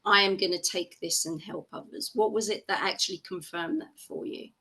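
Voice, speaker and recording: A woman hosting a podcast interview, asking questions in a soft, reflective and affirming way. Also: medium pitch, fairly even intonation, fairly quick, husky. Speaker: podcast host.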